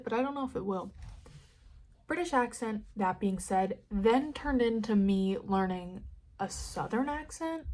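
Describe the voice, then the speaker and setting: A young woman from California with a Californian American accent, hosting a casual solo podcast and rambling candidly with plenty of swearing. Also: medium pitch. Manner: rambling, candid, sweary, dramatic swings in loudness. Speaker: podcast host.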